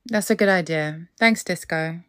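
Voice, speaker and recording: A young woman playing a nervous young woman in danger, hesitant and soft-spoken. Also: fairly low pitch, normal speed, lightly acted. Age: young adult. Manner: hesitant and soft, breaking into panic.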